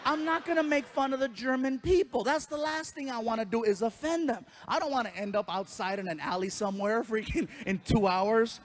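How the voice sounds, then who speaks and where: Male stand-up comic, unusually high voice, animated storyteller, live theater stage. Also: fairly quick, hardly any pauses. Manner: animated, acts out voices of others. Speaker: stand-up comedian.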